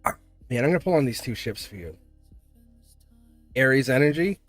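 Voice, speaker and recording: A man's voice: mid-range voice, lively intonation, normal speed, dry recording, faint music behind. A man giving a live tarot reading, blunt and chatty, laughing often and acting out little voices. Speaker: tarot reader.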